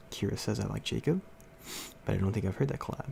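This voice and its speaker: Telling his chat a rambling story, a young livestream host laughs frequently and fills his speech with fillers. He has a lowish, husky voice with vocal fry and a darkish tone.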